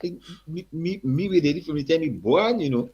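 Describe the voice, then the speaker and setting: A man voicing a short, tough older Guyanese man who talks warmly and insistently, calling people "boy" and "man". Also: fairly high pitch, expressive, fairly quick, lo-fi sound, pitched above the performer's own voice, natural voice. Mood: friendly, coaxing. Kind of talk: impersonation within a story.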